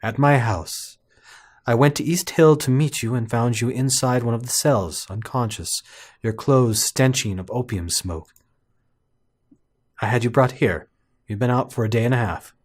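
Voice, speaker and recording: A man voicing a calm, earnest German doctor from a game, reading the lines in his own plain voice without attempting the accent. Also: medium pitch, a little slow, voice pushed down, natural voice.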